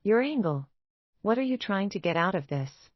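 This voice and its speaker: A woman's voice: medium pitch, big pitch swings, moderate pace, dry recording, lo-fi sound. A woman narrator voicing a cool, intimidating female lawyer with an English accent. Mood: cold. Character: crisp sharp English woman lawyer, cutthroat.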